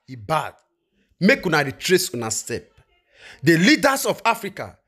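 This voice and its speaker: A man with a Nigerian accent hosting his channel, giving animated, preachy commentary straight to his viewers. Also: on the high side, breathy edge. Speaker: channel host. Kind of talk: broadcast commentary in Pidgin.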